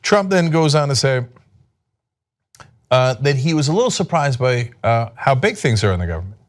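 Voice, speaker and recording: A man giving sarcastic political commentary, mocking and exasperated, firing off rhetorical questions. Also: moderate pace. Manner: mocking, exasperated, reads quotes aloud; rhetorical questions, lively pitch swings.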